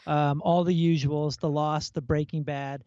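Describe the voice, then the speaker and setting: A man from the United States, a podcast guest, telling stories in an animated, casual way. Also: fairly high pitch, a little slow, clean tone, dry recording. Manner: animated storyteller, acts out quoted voices. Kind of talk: casual chat. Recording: dull, dry lo-fi sound.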